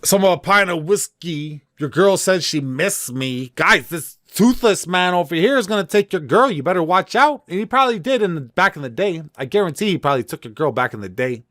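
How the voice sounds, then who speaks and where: A chatty Canadian man talks casually through a reaction video, repeatedly calling his viewers guys. His voice sits a little higher than most men's. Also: animated, fairly quick, few pauses, fairly bright tone.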